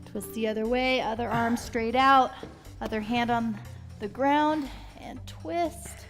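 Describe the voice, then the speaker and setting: A woman's voice: on the high side, slow pace, in a large hall, soft background music. A woman leading a follow-along home workout, giving encouraging step-by-step cues. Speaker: fitness instructor.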